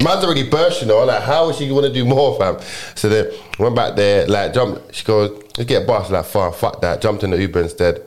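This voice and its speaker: Speaking briskly with hardly any pauses, this young Londoner has a voice on the low side. He tells a story in relaxed conversation, full of slang and restarted sentences, in a rambling, rough-edged way.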